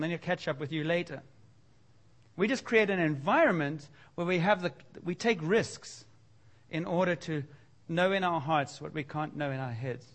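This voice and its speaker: Male preacher, high voice, lively sermon delivery with voiced dialogue and loud appeals. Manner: animated preaching, voicing God and listeners, rising to loud exhortation. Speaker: pastor.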